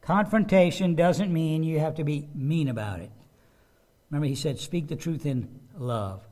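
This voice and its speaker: Man, pastor, sermon, somewhat high voice, conversational, repeats himself, asks rhetorical questions. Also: moderate pace, a little mellow. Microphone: microphone with a loose connection.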